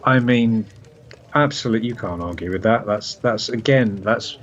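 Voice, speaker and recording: A man's voice: lowish voice, normal speed, fairly bright tone. A man co-hosting a podcast, chatting casually and reading out listener messages with frequent hesitant restarts. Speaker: podcast co-host. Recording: slightly dull sound with faint noise.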